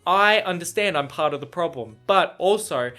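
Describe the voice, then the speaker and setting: A man's voice: on the high side, expressive, normal speed, bright, forceful tone, faint music behind. A man chatting casually in a reaction vlog about a book chapter, rambling with lots of fillers, restarts and swearing.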